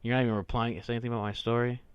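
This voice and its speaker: A man's voice: mid-range voice, flat delivery, racing, smooth, dry recording, highs cut off. Profane ranting male podcast host. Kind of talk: crude casual podcast banter.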